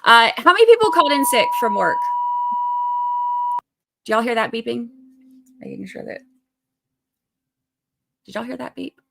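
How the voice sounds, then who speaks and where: Bright-voiced Southern woman streaming live. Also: high voice, sing-song, brisk, creaky, pauses often, slight background noise. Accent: Southern American (Georgia). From Georgia, USA. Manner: chatty and upbeat, explains court steps plainly. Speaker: trial livestream host. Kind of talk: casual livestream commentary, reading viewer chat. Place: indoors, away at the beach this week.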